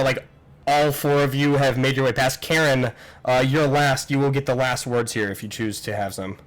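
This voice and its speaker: A man's voice: medium pitch, brisk. A man narrating as game master in a casual, joking way, often laughing. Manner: laughing, casual, swears a lot.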